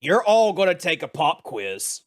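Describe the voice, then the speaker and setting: A cursing, short-tempered paladin teacher barks at his class in a raised, louder voice pitched above his everyday talk, as a man puts him on. He sounds surly and impatient, ready to be done with the day in a tabletop role-play. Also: very animated, measured pace. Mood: gruff impatient. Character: foul-mouthed, impatient male paladin teacher. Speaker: game master.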